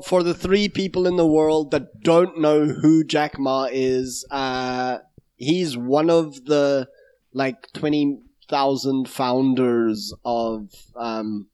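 A man's voice: mid-range voice, darkish tone. A young man co-hosting a podcast in casual comedic chat, joking and laughing often. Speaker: podcast co-host.

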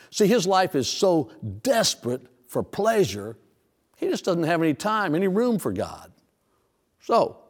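A man preaching a sermon, telling a story with many rhetorical questions. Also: on the high side. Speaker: pastor. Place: church auditorium.

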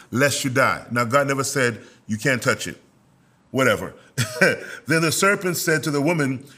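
A man preaching a sermon, telling scripture stories with lively acted-out quotes. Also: fairly high pitch. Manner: animated storytelling preacher, acts out quotes, laughs.

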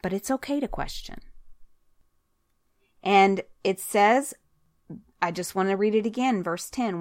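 A woman's voice: medium pitch, a little slow, pauses often, no room sound, studio quality. A woman leading a conversational Bible study, earnest and chatty, stopping now and then to read scripture aloud. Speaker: Bible teacher.

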